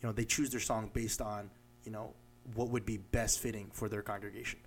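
A man's voice: on the low side, level tone, brisk, a little hiss or hum. Rambling man co-hosting a podcast. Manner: rambling, many fillers and restarts; explains with examples. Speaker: podcast co-host. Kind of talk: casual chat.

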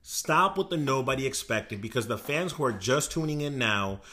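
Man, podcast co-host, bright tone, excitable, boastful, casual sports chat. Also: medium pitch, moderate pace. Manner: excitable, boastful fan talk.

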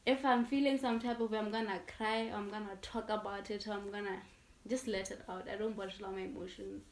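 Young woman guest, casual and expressive, mid pitch, roomy distant recording. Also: quick pace. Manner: expressive, laughs often, talks in restarts. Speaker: podcast guest. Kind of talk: casual chat. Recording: echoey room, distant from mic.

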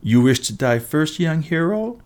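A man reading an audiobook, voicing a huge gloating male cannibal giant who speaks slowly and menacingly. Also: lowish voice, lightly acted.

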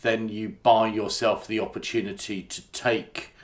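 A man's voice: on the low side, little pitch movement, a little slow. A man interviewing a musician, talking in a hesitant, self-deprecating way and circling around his point. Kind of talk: conversational interview.

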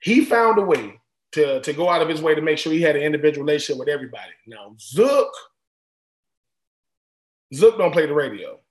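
Ex-football player guest, man, higher voice, loose animated storytelling, roomy echo. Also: brisk, long pauses. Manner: animated, repeats and restarts phrases. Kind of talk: casual storytelling.

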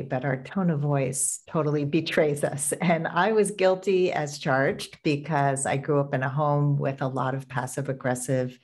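A middle-aged woman with a notably low, deep voice hosts a dating and relationships podcast. She talks earnestly and with emphasis, pausing and restarting as she goes. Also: darkish tone. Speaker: podcast host and dating coach. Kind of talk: podcast intro and interview.

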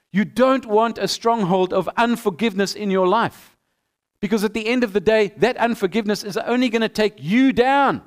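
A middle-aged male pastor preaching a sermon with animated storytelling, acting out both sides of the dialogues. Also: high voice. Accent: non-American.

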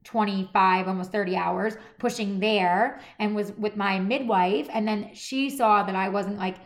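A woman's voice: mid-range voice, a little slow. A woman in her thirties hosting a podcast, chatting casually and animatedly and acting out the people she quotes. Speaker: podcast host. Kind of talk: casual chat.

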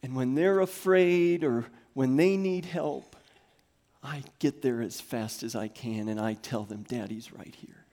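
Man preaching, hushed to loud. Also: medium pitch, unhurried. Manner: dynamic preaching, swinging from hushed near-whispers to loud calls. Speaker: pastor. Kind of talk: sermon. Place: church sanctuary.

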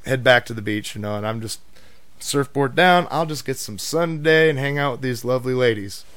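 A man spins a story in relaxed podcast chat, animated, swearing freely and slipping into other people's voices. His pitch sits in the everyday middle. The sound is close and dry, with no room ring. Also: a little fast, clear, resonant tone, no echo.

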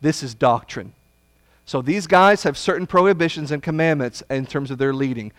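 A man preaching a Bible study sermon, blunt and folksy, swinging from loud emphasis to hushed asides. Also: on the high side, moderate pace, no room sound.

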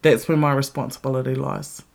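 Aussie woman ranting on her podcast, blunt and sweary, gravelly voice. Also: extremely low pitch, flat delivery, brisk, a little mellow. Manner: blunt, heavy swearing, emphatic. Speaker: podcast host. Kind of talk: casual ranting monologue.

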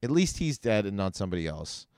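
A man's voice: lowish voice, sing-song, fast, a little mellow, no room sound, studio quality. A man hosting his own comedy podcast, ranting profanely with sarcastic asides. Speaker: podcast host. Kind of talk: solo comedy podcast rant. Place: in Vancouver.

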